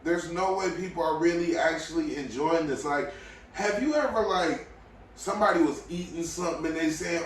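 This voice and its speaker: A podcast host delivers a blunt, opinionated solo rant, dropping to low mutters and then bursting out loudly. His voice sits a little high for a man. The room is strongly echoey, the mic is placed some way off, and a faint hiss runs underneath. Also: moderate pace, recorded from a distance. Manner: blunt, opinionated, swings between low mutters and loud outbursts.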